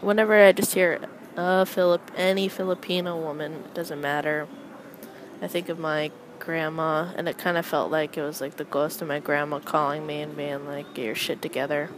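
A young adult woman hosting a casual solo chat, rambling with wry, deadpan asides as she comments on people passing by. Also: low voice, slight background noise, poor audio. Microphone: close microphone.

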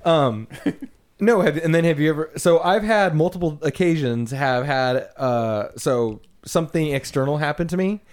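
A man co-hosting a podcast in casual chat, halting and restarting his sentences. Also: fairly high pitch. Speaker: podcast co-host.

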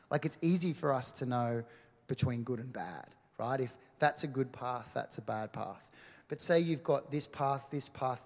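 A man's voice: mid-range voice, a little mellow, long reverb tail. A man preaching a sermon as a worship pastor, in a conversational style with many "um"s and "right?" check-ins.

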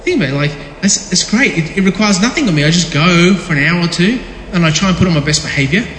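A man's voice: high-pitched, expressive, fast, a bit bright, a little hiss or hum. A man giving a casual, jokey sermon as pastor, talking with his congregation and restarting his words often. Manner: conversational, jokey, repeats words when restarting. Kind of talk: casual sermon with audience interaction. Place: large echoey church hall. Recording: echoey hall with long reverb.

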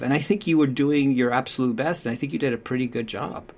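A man talking earnestly about parenting in a relaxed conversation, acting out what parents and children say. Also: mid-range voice, quick pace. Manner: acts out quoted voices, thoughtful and earnest. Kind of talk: conversational advice talk.

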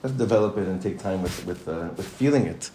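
Rabbi leading a lively class. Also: male voice, low-pitched, quick pace, a little hiss or hum. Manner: lively, probing questions to the class, mixes Hebrew terms. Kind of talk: Torah class with students.

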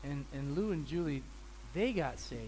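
A man preaching a sermon as pastor, telling animated stories and acting out the people in them. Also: fairly high pitch, moderate pace, slight background noise. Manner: animated storyteller, acts out people's voices. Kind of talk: sermon with storytelling.

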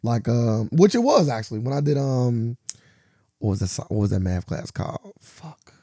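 A male podcast co-host who talks in a rambling, slangy way and leans on fillers. His voice sits at a middle pitch, recorded close on a dry mic. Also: very animated, moderate pace, dark tone, husky, dry recording. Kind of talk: casual chat.

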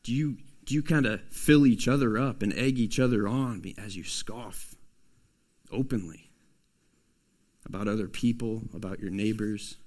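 A man preaching a sermon as a pastor, swinging from loud, emphatic pushes to soft, hushed asides. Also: on the low side, normal speed.

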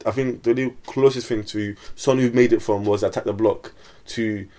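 A man's voice: on the low side, steady tone, fairly quick, mellow. A young man, co-hosting a casual podcast and asking curious questions. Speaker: podcast co-host. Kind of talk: casual chat.

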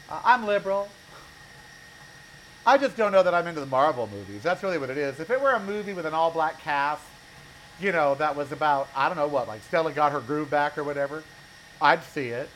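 A man's voice: fairly high pitch, expressive, brisk, fairly bright tone, slight background noise. A sixty-year-old man hosting a casual home cooking show, chatting and giving sassy, opinionated asides while he works in his kitchen. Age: 60s.

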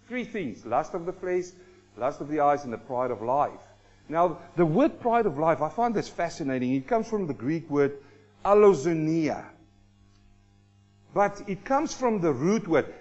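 A man preaching a sermon to a congregation, lively and theatrical, breaking into quick acted-out asides. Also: a little high, highs cut off, faint music behind. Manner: animated, acts out everyday people in quick asides. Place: church congregation hall.

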